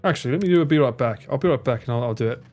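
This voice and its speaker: A man's voice: mid-range voice, racing, a little mellow, faint music behind. A man in his thirties live streaming, joking and swearing in casual banter with his chat.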